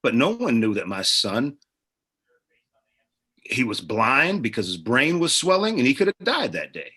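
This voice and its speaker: A middle-aged man talks as an interview guest with a bright, forceful voice. He tells lively stories and acts out the voices of the people in them. His pitch sits in the middle for a man. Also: measured pace, slightly rough. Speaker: actor and producer, guest. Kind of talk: casual interview storytelling.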